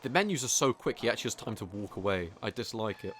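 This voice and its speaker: Here a man with a lowish, fairly bright voice talks fast and with lively intonation as he speedruns a game. His commentary is casual and joking; he teases other players, swears occasionally, and leans heavily on fillers in a mocking style.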